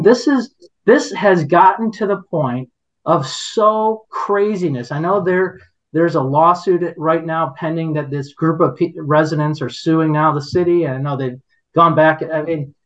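A man's voice: a little high, normal speed, lo-fi sound. A man hosting a podcast, telling a story in casual chat, indignant and rambling with many restarts. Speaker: podcast host.

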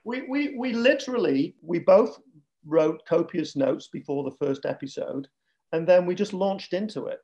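A man's voice: sits high, lively intonation, moderate pace, dark tone, muffled recording. A middle-aged man with a Manchester accent, a podcast co-host chatting as a guest in a joking, talkative way. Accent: Northern English, Manchester. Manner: chatty, joking, self-deprecating. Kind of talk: casual chat.

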